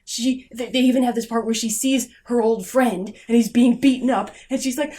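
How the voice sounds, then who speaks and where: A young woman vlogger ranting sarcastically and in exasperation about a film, swinging from loud outbursts to low muttering. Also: a little fast, hardly any pauses.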